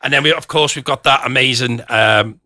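A man's voice: mid-range voice, a little fast, pushed and bright, no room sound, studio quality. A man hosting a radio show, teasing and joking in casual banter. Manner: teasing, jokey, playful. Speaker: radio host. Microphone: studio microphone.

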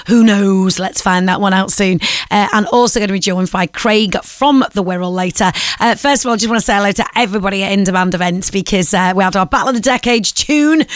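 A woman's voice: medium pitch, quick pace, dry recording, clean studio sound. A woman, hosting breakfast radio and reading ads in a chatty, upbeat and enthusiastic way. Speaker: radio host. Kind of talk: breakfast radio chat with ad reads. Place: radio studio.

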